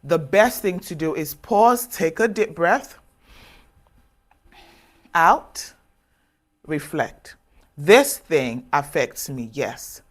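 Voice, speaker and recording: Woman doing a self-help talk, earnest and direct, slow deliberate pauses, keeps saying trust me. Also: sits low, very animated. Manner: earnest, direct, coaxing the listener. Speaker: self-development speaker. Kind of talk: motivational advice talk to camera.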